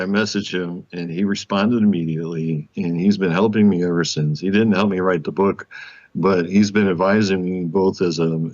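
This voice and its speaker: A guest author with a very low voice shares a personal story during an interview. He's animated, acts out what people said, and laughs often, though the audio is muffled and lo-fi.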